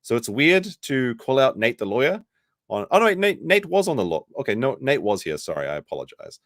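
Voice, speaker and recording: A man's voice: medium pitch, sing-song, fairly quick, fairly bright tone, dry recording, studio quality. A man giving casual live commentary on a stream, rambling and correcting himself as he goes. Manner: rambling, self-correcting, mimics people he quotes.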